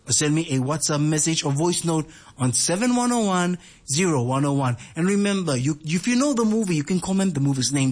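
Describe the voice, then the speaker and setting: A man hosts a late-night radio show in a relaxed, talkative way. His voice sits a little high, and he keeps repeating himself and asking his listeners if they follow. He speaks into a studio microphone. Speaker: radio host.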